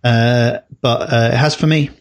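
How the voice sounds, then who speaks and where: A man co-hosts a podcast in a relaxed, rambling chat, hesitating often and leaning on fillers and restarts. His medium-pitched voice stays steady in tone and a little slow.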